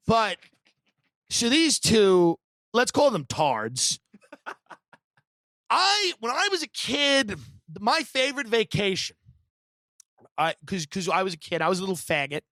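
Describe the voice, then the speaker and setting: A comedian from the United States on a podcast, telling a long story in a sardonic, animated and provocative way. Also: male voice, high voice, a little slow, pauses often, no room sound.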